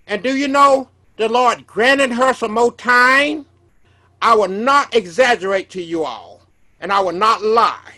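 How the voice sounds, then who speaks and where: Delivering his personal testimony as a sermon, this male preacher speaks a little slowly in a very high, bright, forceful voice. His earnest storytelling is full of repetitions and restarts.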